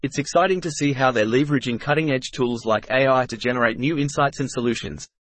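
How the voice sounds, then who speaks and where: A man's voice: mid-range voice, fast talker, a bit bright, no room sound. Male podcast co-host, mid-range voice, dry and close, upbeat scripted read. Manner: upbeat, polished scripted delivery.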